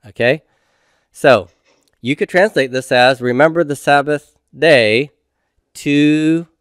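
Male instructor, mid pitch, patient question-and-answer lecturing, dead-dry recording. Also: clear, resonant tone, no echo. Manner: patient, asks questions and answers them himself. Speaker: Hebrew instructor. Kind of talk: homework review lecture.

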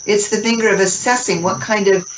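A woman interview guest giving a spiritual teaching talk, expressive and laughing often as she acts out little dialogues. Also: medium pitch, a little fast. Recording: distant mic, muffled, faint noise.

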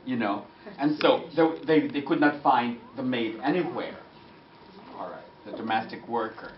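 A man giving a lively, laughing lecture with anecdotes, slipping into French and phrases. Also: mid-range voice, moderate pace. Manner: animated, mixes French and Filipino phrases, laughing often. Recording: distant roomy lo-fi recording with audience.

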